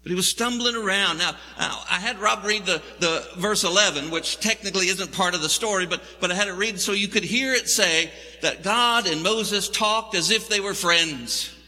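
A male pastor preaches in a wry, conversational storytelling manner, his high voice bright and husky. A long reverb hangs in the room after his lines. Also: normal speed, hardly any pauses. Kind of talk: sermon.

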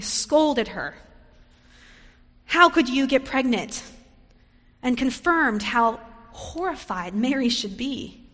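A woman pastor delivers a Sunday sermon in a measured, reflective storytelling way. Her voice sits somewhat high. The recording carries the long, lingering reverb of a large church sanctuary.

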